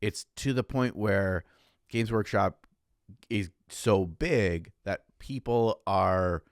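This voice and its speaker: A man's voice: fairly low pitch, slow pace, clean tone, no room sound, clean studio sound. A man co-hosting a podcast in casual chat, joking, swearing freely and laughing often. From United States. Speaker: podcast co-host.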